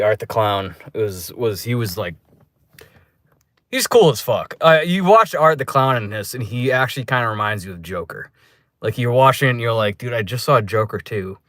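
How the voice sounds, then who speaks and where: A man's voice: no room sound, studio quality. Rambling, profane young man reviewing a movie. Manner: rambling, profane, animated with pitched-up quoted reactions. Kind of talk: casual spoken review.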